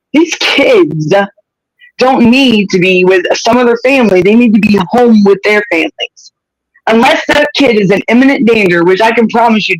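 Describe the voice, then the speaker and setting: On a low-quality, dry recording with no room sound, a high-voiced man hosts a livestream. He launches into an impassioned, blunt rant, cursing without restraint.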